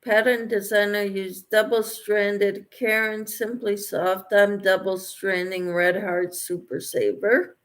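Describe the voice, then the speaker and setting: Slow, relaxed woman crocheting on a livestream. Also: medium pitch. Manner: slow, relaxed, reads viewer comments and answers them. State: getting tired late at night. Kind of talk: casual livestream chat, reading comments aloud.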